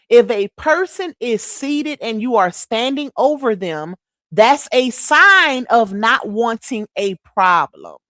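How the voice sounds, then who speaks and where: A woman's voice: fairly high pitch, a bit bright, no echo, studio quality. A woman giving casual live-stream commentary, emphatic and repetitive, talking straight to her chat. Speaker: livestream commentary host.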